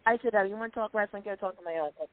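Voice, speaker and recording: A woman telling lively stories in casual chat, quoting people and clearing her throat often. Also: medium pitch, racing, no room sound. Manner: animated anecdotes, quoting others, frequent throat clearing. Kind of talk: casual storytelling on a call-in chat. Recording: tinny phone line.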